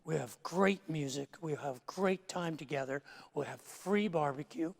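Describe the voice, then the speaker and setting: Joking pastor with a gravelly edge. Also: male voice, a little high, unhurried. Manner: playful, self-mocking joke-telling. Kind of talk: sermon. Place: large church sanctuary. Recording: long church-hall reverb.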